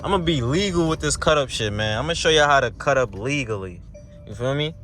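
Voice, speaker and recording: A man's voice: mid-range voice, fairly quick, soft background music. A young man giving casual, slang-heavy commentary to viewers while driving, recorded on a camera mounted in the car. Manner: slangy, talks straight to viewers, gets loud and excited when accelerating. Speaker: car vlogger. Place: inside a moving car. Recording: faint road noise in car.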